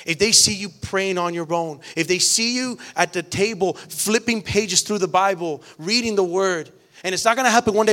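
A man's voice: high-pitched, moderate pace, bright, forceful tone. A middle-aged man preaching a sermon to a church, earnest and emphatic, often restarting phrases. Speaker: pastor.

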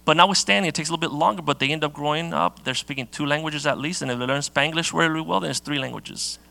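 Bright-voiced man preaching conversationally. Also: on the high side, fast talker, creaky. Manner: conversational, many fillers and restarts. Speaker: pastor. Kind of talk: sermon.

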